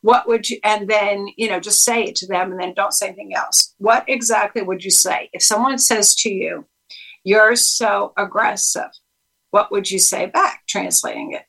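Female psychologist guest, bright tone, instructive and explanatory. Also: medium pitch, normal speed, vocal fry, few pauses, low-quality recording. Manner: instructive, quizzes the listener, acts out quoted lines. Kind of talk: interview explanation.

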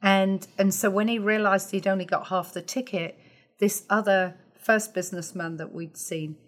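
Woman guest telling a story. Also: mid-range voice. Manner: animated storyteller, halting restarts. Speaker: guest missionary. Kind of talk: storytelling in a podcast interview.

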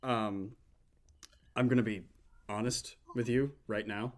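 Man doing an awkward nervous young guy, halting, slow delivery. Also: on the low side, steady tone. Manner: hesitant, halting.

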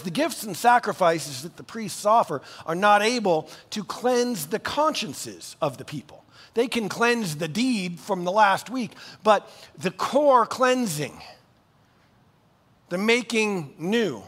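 Guy pastor preaching, high voice, chatty and animated, big hall echo. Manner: animated, conversational preaching with casual asides. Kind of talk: sermon.

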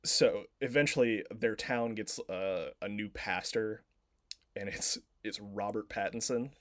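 A man's voice: fairly low pitch, measured pace, fairly bright tone, no echo, studio quality. A man co-hosting a podcast, casually retelling a film plot in a rambling way, full of filler words and swearing. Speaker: podcast co-host.

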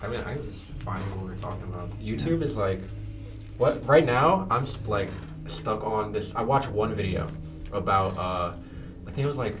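A man's voice: fairly low pitch, animated, normal speed, over music. A young man in casual chat, rambling with lots of fillers and swearing. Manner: rambling, profane, filler-heavy. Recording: distant mic, group chatter.

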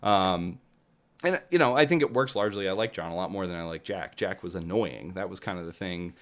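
A man's voice: low voice, fairly quick. A young man casually chatting about a video game. He swears freely and laughs often. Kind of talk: casual chat.

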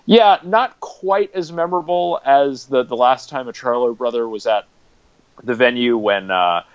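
A man's voice: medium pitch, unhurried, clear, resonant tone, no echo, lo-fi sound. A man as a podcast guest, casually telling a rambling story.

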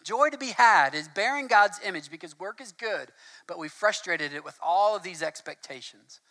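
A man preaching a sermon in a conversational, casual way, mixing scripture reading with relaxed asides. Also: high voice, normal speed.

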